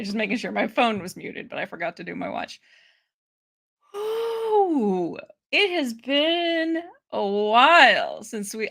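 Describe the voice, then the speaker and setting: A woman's voice: mid-range voice, creaky. A young woman from Ohio giving chatty, laughing live commentary on a hearing. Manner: chatty, laughing, animated asides. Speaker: political commentary streamer.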